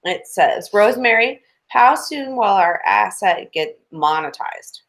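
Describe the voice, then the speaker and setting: A woman co-hosting a live stream, reading viewer comments aloud in a plain, steady way with a few hesitant fillers. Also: medium pitch, measured pace.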